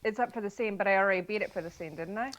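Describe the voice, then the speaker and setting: A woman's voice: mid-range voice, very fast, a bit bright. A woman playing a tabletop game in casual chat, hesitant and often checking the rules. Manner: hesitant, asking rules questions. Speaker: player.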